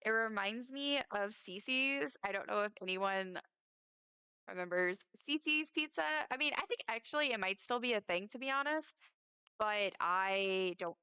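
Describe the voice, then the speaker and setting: A woman's voice: medium pitch, measured pace, bright, forceful tone, clear, resonant tone, dry recording, studio quality. A young woman, rambling casually and joking at herself while she streams a game. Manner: chatty, rambling, self-mocking asides. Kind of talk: casual live-stream chat while gaming.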